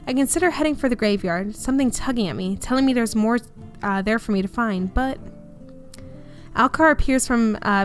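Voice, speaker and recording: Chatty woman reading a game aloud. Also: fairly high pitch. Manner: chatty and lightly self-deprecating, with fillers and quick asides. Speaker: gaming YouTuber. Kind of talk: reading a visual novel aloud with chatty asides.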